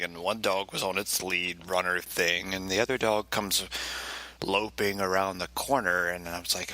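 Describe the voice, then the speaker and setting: Low-voiced man telling a wry story. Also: moderate pace. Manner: wry, self-mocking, animated with voiced impressions. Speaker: podcast co-host. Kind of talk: casual comic storytelling.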